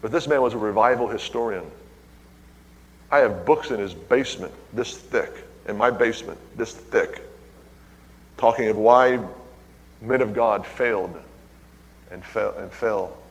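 A man's voice: on the low side, a little slow, long pauses. A man preaching to his congregation as their pastor, telling stories and calling out "hallelujah" between points. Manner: exclaims "hallelujah" and calls out to the congregation. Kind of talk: preaching a sermon with personal stories. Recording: long reverb in a large hall.

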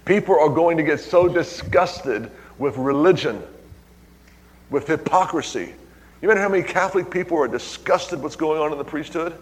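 A man's voice: fairly high pitch, normal speed. A man preaching to his congregation as their pastor, telling stories and calling out "hallelujah" between points. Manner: exclaims "hallelujah" and calls out to the congregation. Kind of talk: preaching a sermon with personal stories. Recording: long reverb in a large hall.

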